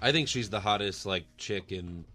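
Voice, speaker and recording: Guy hosting a podcast, bright tense voice, crude teasing banter. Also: fairly low pitch, moderate pace. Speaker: podcast host.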